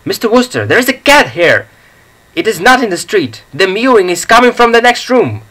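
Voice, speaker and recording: A man's voice: big pitch swings, moderate pace, pushed and bright, heavily acted, poor audio. Man doing a pompous old specialist. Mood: alarmed. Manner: indignant, formal and booming. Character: pompous elderly male nerve specialist. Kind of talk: audiobook reading.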